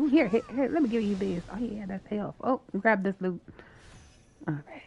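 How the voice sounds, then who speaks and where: Playful lively streamer woman. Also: mid-range voice, normal speed, vocal fry, dull audio, a little hiss or hum. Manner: playful, swears and laughs often. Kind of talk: casual gaming chat.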